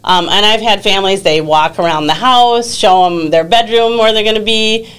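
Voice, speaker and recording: A woman's voice: mid-range voice, moderate pace, a bit bright, smooth. Woman on a podcast talking about her program, friendly and chatty. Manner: friendly, explanatory, with fillers. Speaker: exchange program coordinator. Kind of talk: casual interview talk.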